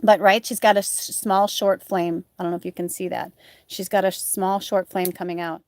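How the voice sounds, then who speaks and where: A woman's voice: medium pitch, level tone, normal speed, a little mellow, no room sound. Woman doing a live tarot reading, rambly and chatty, lots of likes and ums, super dry sound. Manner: rambling, chatty, many fillers; earnest and encouraging to viewers. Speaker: tarot reader and spiritual medium. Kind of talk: live card reading, casual chat.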